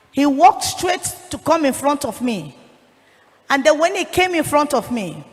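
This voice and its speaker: A woman giving an earnest church testimony, telling her story with a raised, pleading voice. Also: sits high. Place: church hall. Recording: long hall reverb.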